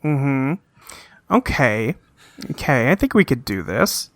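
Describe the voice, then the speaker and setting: A man playing a tabletop game in a relaxed, agreeable way. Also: medium pitch, slow. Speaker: player. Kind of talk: casual tabletop play.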